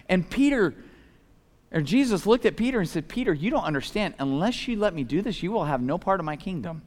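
Animated male preacher in an echoing hall. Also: fairly quick. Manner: animated, swings from loud emphatic shouts to soft low asides; casual, conversational phrasing with fillers. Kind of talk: sermon. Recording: long hall reverb.

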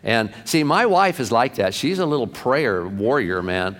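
Folksy middle-aged pastor in a reverberant hall. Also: male voice, mid-range voice, lively intonation, a little slow, fairly bright tone. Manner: folksy, chatty, peppered with "man". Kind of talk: storytelling sermon.

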